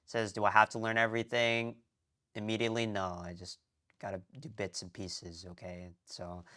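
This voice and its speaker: A young man live-streaming his language study, rambling and thinking out loud, often muttering to himself and restarting sentences. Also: on the low side, fairly even intonation, a little fast. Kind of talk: casual live-stream chatter.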